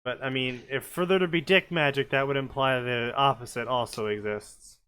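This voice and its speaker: A man with a medium-pitched, fairly bright, smooth voice speaks at normal speed as a co-host reading fanfiction. In this comedic commentary chat with friends, he jokes and rambles, putting on goofy voices.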